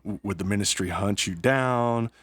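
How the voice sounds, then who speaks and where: Rambling man with a low voice. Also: normal speed, fairly bright tone, no echo. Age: adult with young kids. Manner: rambling, stumbles over words and laughs at himself. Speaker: gaming YouTuber. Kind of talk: casual gaming commentary.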